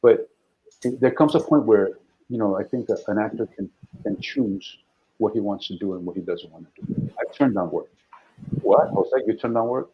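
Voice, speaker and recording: A middle-aged man, a guest actor, telling stories in an animated, anecdotal way during a casual interview. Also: lowish voice, normal speed, vocal fry. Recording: dull lo-fi audio.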